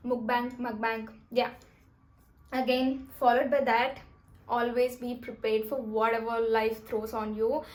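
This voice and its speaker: Woman, twenties, slightly high voice, chatty, emphatic, casual vlog advice. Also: little pitch movement, measured pace. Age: 20s. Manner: chatty and emphatic, talks while eating. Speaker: vlogger.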